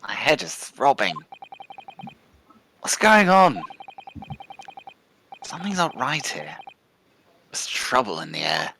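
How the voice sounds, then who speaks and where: A man's voice: medium pitch, wildly swooping pitch, slow pace, gravelly, long pauses, sharp tone, a little hiss or hum, pitched below the performer's own voice, heavily acted. An Irish man voicing a groggy, bewildered young man waking up trapped in a cupboard.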